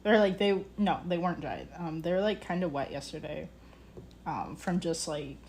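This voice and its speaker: A woman's voice: lowish voice, moderate pace, a little mellow, a little hiss or hum. A young woman streaming live from her ceramics studio, chatting casually with many fillers and self-corrections while she works. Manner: distracted while working with clay. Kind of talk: casual working commentary.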